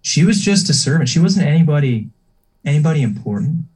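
A man preaching, telling a story about a priest in an earnest, unhurried way and briefly acting out the people he quotes. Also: fairly high pitch, very animated, darkish tone, husky, poor audio. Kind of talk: sermon storytelling.

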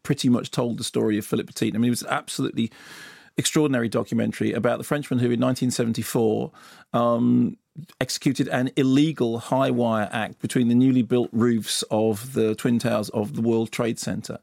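A man's voice: mid-range voice, fairly even intonation, fairly quick, creaky, darkish tone, no echo, clean studio sound. A man reviewing films on the radio. He talks with enthusiasm and often stumbles and starts his sentences over. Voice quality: enthusiastic, lots of stumbles and restarts. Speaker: film critic. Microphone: studio radio mic.

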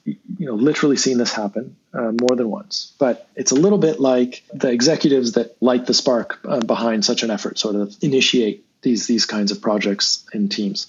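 Storytelling man on a dull recording. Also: mid-range voice. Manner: rambling, animated, acts out quotes. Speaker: guest. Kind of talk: conversational storytelling. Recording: dull lo-fi sound with faint noise.

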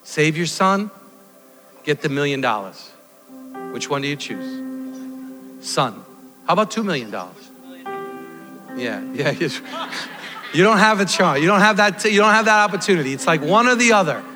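A man preaching a sermon in a church hall in an animated way, at times rising to shouts. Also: on the high side, normal speed, pauses often. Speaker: pastor. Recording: long hall reverb, faint music.

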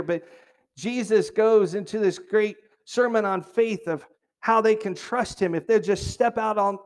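A man preaching a sermon in a conversational way, with jokey asides and questions put to the congregation. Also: high voice. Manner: jokey asides, restarts phrases.

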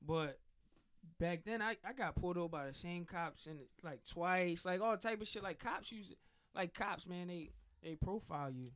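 A man's voice: high voice, moderate pace, fairly bright tone, clean tone. A man chatting casually with friends, frank and emphatic, laughing easily. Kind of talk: casual chat among friends.

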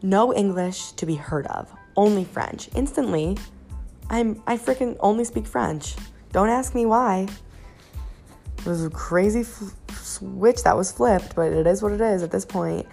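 A woman's voice: medium pitch, a little slow, vocal fry, warm tone, soft background music. A young woman hosting a podcast, telling a rambling, profane, self-mocking story in a casual monologue. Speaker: podcast host.

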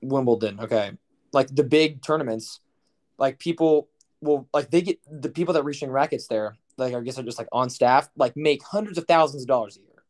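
A man's voice: mid-range voice, brisk, darkish tone. A young man co-hosting a podcast, telling stories in a rambling, profane, incredulous way. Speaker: podcast co-host. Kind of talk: casual chat.

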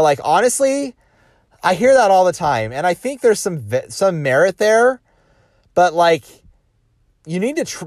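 A man's voice: high-pitched, darkish tone, no room sound, studio quality. A man talking casually as a sales coach, rambling with restarts and rhetorical questions.

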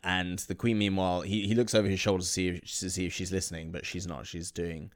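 A fairly low-voiced man narrates an improvised comic story in a dry, matter-of-fact way. He picks up his partner's jokes and carries them on. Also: little pitch movement, fast.

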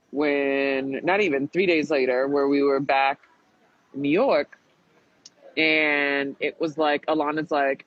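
A man with a fairly high voice casually retells a frustrating reality show experience, swearing, being emphatic, and quoting people in an animated way. It's a storytelling chat with no room sound and dull, lo-fi audio.

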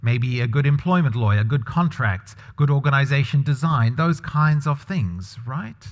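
A man's voice: medium pitch, lively intonation, normal speed. A man preaching a sermon in a conversational way, putting questions to the congregation. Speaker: pastor. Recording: long hall reverb.

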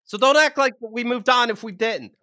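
A man's voice: extremely high pitch, normal speed, sharp tone, no echo, clean studio sound. A man co-hosting a podcast, ranting heatedly with lots of swearing in casual chat. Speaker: podcast co-host.

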